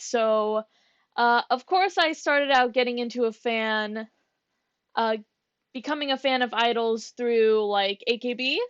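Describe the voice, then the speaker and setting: A woman sharing her experiences in a casual chat, relaxed with hesitant fillers. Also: fairly high pitch, clear, resonant tone, no echo. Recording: dry, dull lo-fi call audio.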